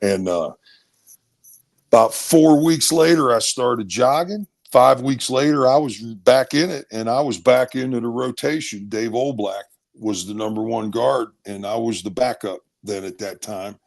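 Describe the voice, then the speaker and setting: Here a former college football player, middle-aged and from Maryland, USA, relates stories in a relaxed way while imitating other people's voices with lively energy. His mid-range voice is creaky and a little slow.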